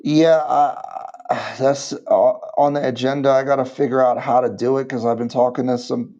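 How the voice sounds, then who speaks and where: A man in his thirties from the United States, chatting casually on a livestream and rambling with halting restarts. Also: mid-range voice, level tone, dark tone, dull audio. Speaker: livestream vlogger.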